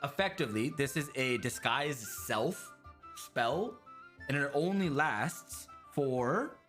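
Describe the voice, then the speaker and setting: A man voicing a calm male face-paint vendor who explains slowly and deliberately. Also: mid-range voice, soft background music. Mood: explaining.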